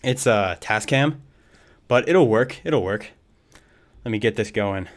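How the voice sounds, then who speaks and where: A man's voice: lowish voice, expressive, slow, slight background noise. Rambling man on a music livestream. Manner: rambling, thinking aloud, self-interrupting. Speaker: music producer livestream host. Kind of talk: casual livestream chat. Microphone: desk USB microphone.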